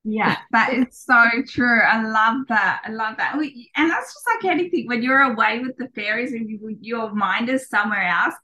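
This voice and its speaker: A woman's voice: fairly high pitch, normal speed, hardly any pauses, sharp tone. A woman in her thirties, a podcast guest, talking casually with many ums and restarts.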